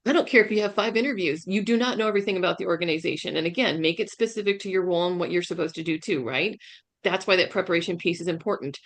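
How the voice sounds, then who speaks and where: A career coach appears as a guest speaker on a webinar over a video call, presenting emphatically and repeatedly checking in with "right?" Her voice is fairly low and very fast.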